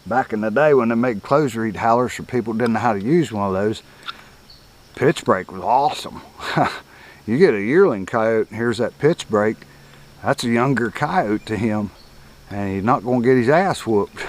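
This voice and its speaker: Older man, lowish voice, easygoing rambling how-to talk with chuckles. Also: moderate pace. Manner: folksy, rambling, chuckles often. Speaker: coyote hunting instructor. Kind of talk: casual outdoor teaching.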